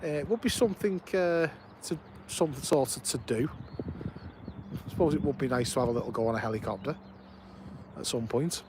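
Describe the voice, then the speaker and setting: A man's voice: medium pitch, a little fast, pauses often, noisy background. A man, hosting a live stream outdoors and chatting with viewers in a casual, enthusiastic way. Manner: chatty, greets viewers by name, enthusiastic commentary. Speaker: livestream host. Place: outdoors at an airport.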